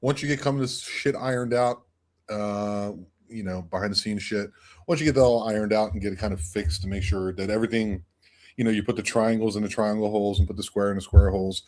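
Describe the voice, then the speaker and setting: A man's voice: lowish voice, fairly even intonation, a little fast, darkish tone. A man co-hosting a podcast in casual, profane chat, often breaking into cackling laughter. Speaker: podcast co-host.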